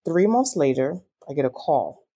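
A woman's voice: sits low, normal speed, breathy edge. A young adult woman as an interview guest, telling a personal story with feeling and acting out quoted dialogue. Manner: emotional, animated retelling with quoted dialogue.

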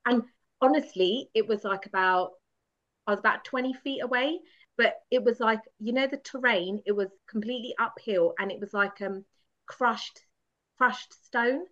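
A woman's voice: fairly high pitch, normal speed. Woman, guest, candid storytelling, self-mocking, laughing, dull lo-fi sound. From United Kingdom. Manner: animated, laughing self-mockery.

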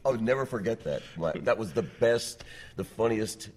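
A middle-aged man with a deep, slightly husky radio voice tells stories as a guest on a chat show. His pitch rises and falls a lot as he talks. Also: expressive, moderate pace. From United States. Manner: rich radio voice, storytelling. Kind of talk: casual chat.

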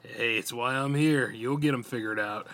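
Man reading an easygoing, reassuring male orderly; relaxed and plain. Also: mid-range voice, normal speed, natural voice.

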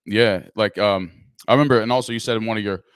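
Fast-talking casual podcast host, man. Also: lowish voice, steady tone, clear, resonant tone, dry recording, studio quality. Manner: casual, fast, slangy fillers like "you know what I'm saying".

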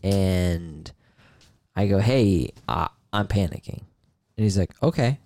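A man's voice: sits low, lively intonation, slow, vocal fry, darkish tone, a little hiss or hum. A man co-hosting a podcast, candidly recounting a personal experience in casual conversation. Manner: candid storytelling about therapy, earnest. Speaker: podcast co-host.

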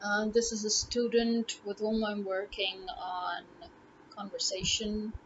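A woman's voice: medium pitch, level tone, takes it slowly, highs cut off, slight background noise. A woman language tutor talking casually to camera in an emphatic way, repeating words to drive her points home.

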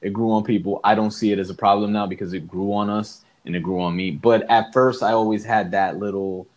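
A man's voice: lowish voice, steady tone, a little fast, darkish tone. A man co-hosting a podcast in casual chat, rambling and filling with "you know". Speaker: podcast co-host.

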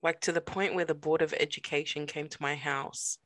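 A young woman co-hosting a podcast, chatting casually with quick reactions, frequent laughter and casual swearing. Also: deep voice, fairly even intonation, fairly bright tone, no room sound. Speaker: podcast co-host. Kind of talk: casual chat.

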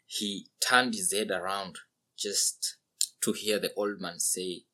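A man narrating a story in an earnest, unhurried way. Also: deep voice, steady tone, bright, forceful tone.

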